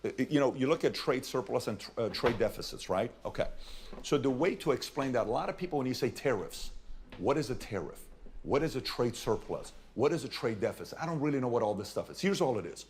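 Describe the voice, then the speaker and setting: A man with an ordinary mid-range voice walks through an argument in a persuasive, salesman-like way. He builds animated hypothetical stories to make his point. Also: mid-range voice, fairly quick, a little hiss or hum. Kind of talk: persuasive explanation.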